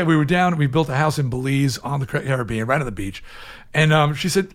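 A man in his sixties, a guest in an interview, telling his story in a candid, animated way, from loud, emphatic bursts down to low, hushed asides. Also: fairly quick.

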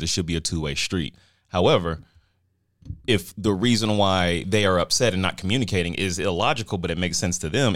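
A man in a casual chat, talking in a measured, reasoning way as he explains his view. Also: low-pitched, fairly bright tone, dry recording, studio quality.

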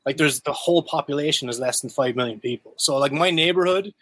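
A man's voice: a little high, fast talker, fairly bright tone, no room sound. Rambling Irish man with a dry sound. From Ireland. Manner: rambling, laughs often, swears freely. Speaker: guest musician. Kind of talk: casual chat.

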